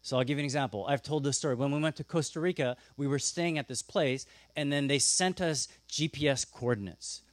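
A man preaching a sermon, telling the story with lively asides and acting out the characters. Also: mid-range voice, a little fast, few pauses, no room sound. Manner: animated storytelling, acts out characters with gasps and asides. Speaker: pastor.

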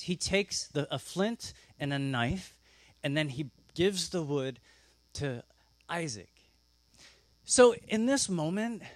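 A man preaching a sermon, telling the story with lively asides and acting out the characters. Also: on the high side, no room sound. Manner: animated storytelling, acts out characters with gasps and asides. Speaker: pastor.

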